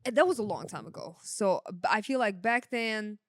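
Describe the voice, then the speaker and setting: A young woman who works as a sound engineer, and isn't a native English speaker, tells stories in a casual podcast chat, laughing often and using lots of fillers. Her medium-pitched voice is animated at a moderate pace, recorded dry and clean in a studio.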